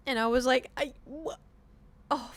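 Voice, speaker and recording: A woman's voice: high-pitched, measured pace. Rambling woman in her thirties streaming. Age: 30s. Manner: rambling, animated storytelling with restarts and swearing. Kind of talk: casual live-stream chat.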